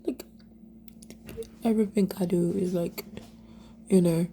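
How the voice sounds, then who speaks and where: A young woman speaks in a low, flat, gravelly voice, sharing her experience of abuse. Her speech halts and repeats, and it often falls to an unvoiced whisper. Faint room ambience sits underneath. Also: a little hiss or hum. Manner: halting, repeats herself, many fillers. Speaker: survivor sharing her story. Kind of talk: emotional personal testimony.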